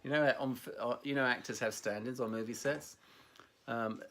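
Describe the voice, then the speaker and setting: A man's voice: mid-range voice, steady tone, moderate pace, a bit bright, a little hiss or hum. A man co-hosting a casual conversation, rambling and self-mocking, laughing often at himself. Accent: Scottish. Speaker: podcast co-host.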